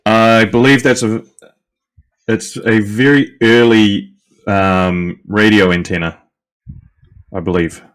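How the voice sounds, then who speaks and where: Kiwi guy chatting on a podcast, lowish voice, relaxed, lots of ums and laughs. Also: clear, resonant tone. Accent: New Zealand. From New Zealand. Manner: laid-back, laughs easily, halting with ums. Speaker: podcast co-host, presenter of the episode topic. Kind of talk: casual podcast chat.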